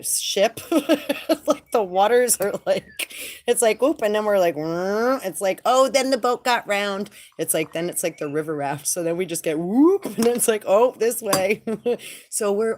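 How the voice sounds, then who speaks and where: A woman talking casually and rambling in a slangy, animated way as she channels spiritual messages. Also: fairly low pitch.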